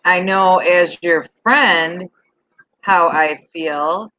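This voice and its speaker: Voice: mid-range voice, drawn-out words, sharp tone. A guest on a casual faith livestream panel, talking as a friend of the host. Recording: dull lo-fi stream audio.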